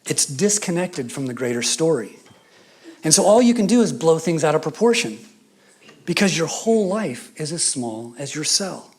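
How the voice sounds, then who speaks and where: A man with a Scottish accent preaching a sermon, mixing scripture with humorous stories and hushed asides. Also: fairly high pitch, sing-song, normal speed. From Scotland. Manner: storytelling with humor, drops to a whisper for emphasis.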